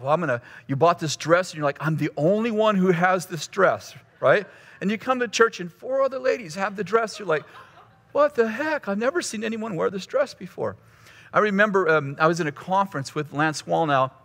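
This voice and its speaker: A man's voice: fairly high pitch, fairly bright tone. A male pastor teaching a course session in a conversational, teasing way, often restarting his phrases. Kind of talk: teaching sermon with humor. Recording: long hall reverb.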